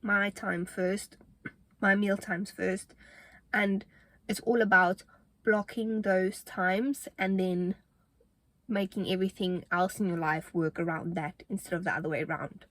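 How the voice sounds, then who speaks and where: A woman's voice: medium pitch, steady tone, measured pace, a bit bright, no echo. Young woman chatting to camera, kinda breathless, earnest and pep-talky, lots of ums. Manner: earnest, motivational, chatty with fillers. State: a little out of breath. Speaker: fitness vlogger. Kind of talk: casual talking-to-camera vlog.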